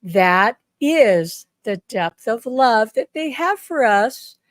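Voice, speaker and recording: A woman's voice: fairly high pitch, expressive, slow, no echo, clean studio sound. A middle-aged woman giving an earnest, emphatic teaching talk as a spiritual teacher, leaning into key words. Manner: earnest and emphatic, acting out quoted voices. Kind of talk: direct-to-camera teaching talk.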